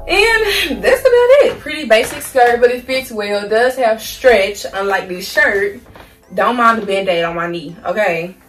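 A woman's voice: medium pitch, moderate pace. A young woman chatting playfully about clothes she bought, using slang and addressing viewers as y'all. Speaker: haul vlogger. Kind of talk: casual clothing haul chat. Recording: roomy sound, mic at a distance, soft music.

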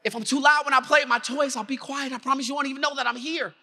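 A frightened four-year-old boy begs to stay, words tumbling out fast and high, as a grown man acts him out on stage. The voice pushes up well above the speaker's own and strains with desperation. A long hall echo trails every line. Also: fairly even intonation, exaggerated voice. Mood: pleading. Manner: rapid, pleading, rising to panicked shouts. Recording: reverberant conference hall.

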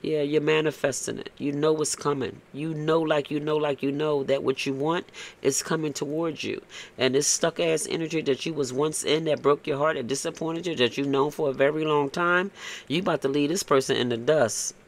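A man's voice: fairly high pitch, fairly even intonation, moderate pace. A man giving a casual, blunt tarot reading, tagging "okay?" onto his points and cursing freely. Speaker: tarot reader.

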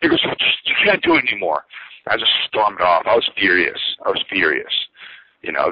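As an interview guest, a former pro wrestler gives a candid, rambling account of his career, full of fillers and asides. His voice is fairly low with a breathy edge, and the audio is dull, dry, and lo-fi.

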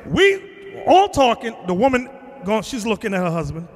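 A man with a very high, animated voice preaches to a class, jabbing his points home and breaking into shouts. His words ring out with a long reverb, as in a big hall. He sounds emphatic and confrontational. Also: moderate pace. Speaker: bishop teaching a class. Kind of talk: preaching lesson.

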